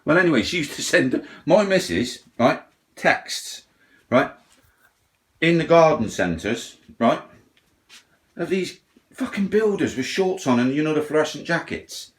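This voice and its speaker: A man's voice: a little high, very animated, unhurried, long pauses. A middle-aged man, ranting bluntly and swearing, mocking others in put-on voices. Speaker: ranting vlogger. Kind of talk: profane rant.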